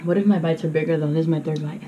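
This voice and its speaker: Woman vlogger, somewhat low voice, casual and playful, teary from spice, noisy background. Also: fairly even intonation, rapid-fire, lo-fi sound. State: teary-eyed from spicy food. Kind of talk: casual vlog chat.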